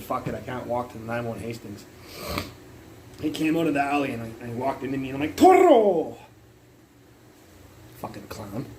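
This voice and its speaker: A young man talks into his phone mic in a mid-pitched voice, rambling loosely from one story to the next. He swears all the time and yells out the punchlines of his own anecdotes, with a faint hiss of noise underneath. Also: poor audio. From Canada, Burnaby area. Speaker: livestreamer. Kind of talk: casual profane storytelling.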